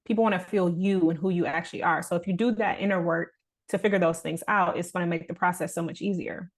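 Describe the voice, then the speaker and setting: A young woman with a lowish voice talks as a podcast guest. She is earnest and reflective, and she keeps coming back to motivational points in a relaxed, conversational way. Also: fast.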